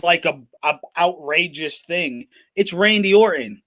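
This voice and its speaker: A man's voice: high-pitched, moderate pace, pushed and bright. A man co-hosting a sports talk show, making emphatic points and repeating them for force. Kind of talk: casual debate.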